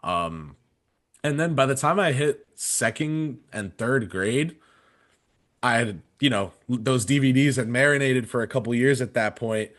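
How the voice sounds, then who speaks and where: A man's voice: mid-range voice, unhurried, fairly bright tone. A man in his twenties casually telling a story on a podcast, rambling with many fillers and restarts. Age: 20s. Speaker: podcast panelist.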